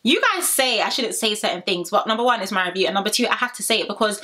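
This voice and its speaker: A woman's voice: mid-range voice, quick pace. A young woman from Kent, chatting through a sassy recap of a reality show and talking straight to her viewers. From Kent, England. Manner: animated, sassy, addresses viewers directly. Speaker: reality TV reviewer.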